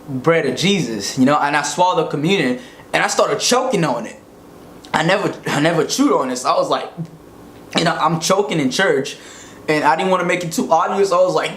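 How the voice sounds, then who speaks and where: A man from Africa telling comedic stories in an animated, slangy, profane way. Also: fairly high pitch. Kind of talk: casual comedic storytelling. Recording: echoey room, faint noise.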